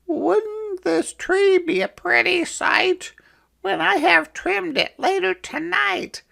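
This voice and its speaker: A man doing a shrill fretful maid. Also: slow, vocal fry, pushed and bright, full character voice. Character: fussy young female upstairs maid.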